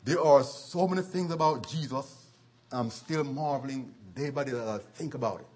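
Husky preacher man, animated sermon. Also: mid-range voice. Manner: animated storytelling with chuckles and dramatic slowdowns.

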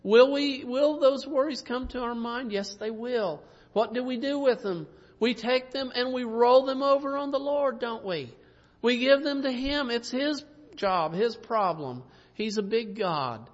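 High-voiced preacher man in a reverberant hall. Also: measured pace. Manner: folksy preaching, rhetorical tag questions, soft chuckles. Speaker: pastor. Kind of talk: sermon. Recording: dull sound with long reverb.

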